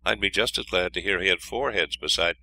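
A man's voice: sits low, brisk, sharp tone, full character voice. A man voicing a stubborn, fearless young lad in a storybook, talking bluntly and defiantly.

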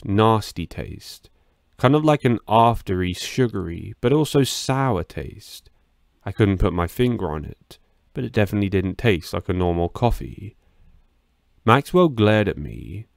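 A man reading a first-person horror story aloud in a steady, measured way. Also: lowish voice, vocal fry, no room sound, studio quality.

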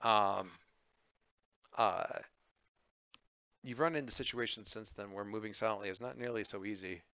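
A man running a tabletop game, rambling along with easygoing ums and restarts. His voice is bright and smooth, recorded close and dry through slightly dull, lo-fi audio. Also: lowish voice, normal speed, no echo. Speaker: game master.

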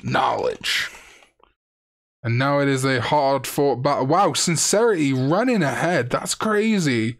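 A man's voice: medium pitch, measured pace, gravelly. A young man from Wales, casually chatting on a live stream, reading out chat and joking around. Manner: chatty, jokey, reads chat aloud.

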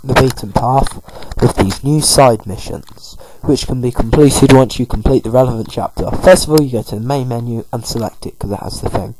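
A man's voice: mid-range voice, normal speed, few pauses, background noise. A man giving a chatty, rambling walkthrough of a video game as its commentator.

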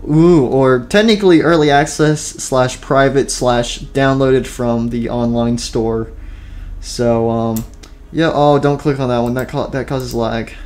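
A gaming YouTuber speaks at an unhurried pace with fairly even intonation and a darkish, medium-pitched voice. Playing at his computer, he rambles casually, packing in fillers and jokes at his own expense, and sounds tired and winded.

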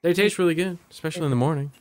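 Man, co-host, wisecracking banter, fairly high lively voice, dry close sound. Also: racing, no room sound. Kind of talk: casual live-stream banter.

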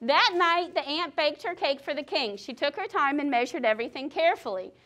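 Woman, teacher, high voice, storybook read-aloud, lively, quizzing the class. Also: fairly quick. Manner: lively, asks the class questions. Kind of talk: reading a picture book aloud to children.

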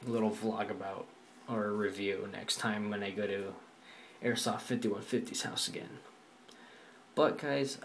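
A man's voice: on the low side, a little hiss or hum. A man vlogging a casual walkthrough of a phone app, talking offhand and rambling, with fillers and the odd swear word. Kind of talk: casual screen-recording walkthrough.

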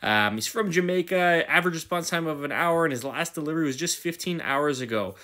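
A man's voice: a little high, animated, brisk, bright, forceful tone. A male host giving casual, enthusiastic commentary while reviewing. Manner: enthusiastic, chatty, reads text aloud.

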